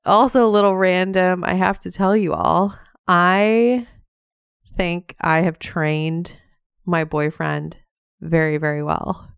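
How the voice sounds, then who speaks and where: A woman's voice: lowish voice, clear, resonant tone, dry recording, clean studio sound. A woman hosting a podcast, chatting casually and laughing often as she talks straight to her listeners. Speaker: podcast host. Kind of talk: casual chat.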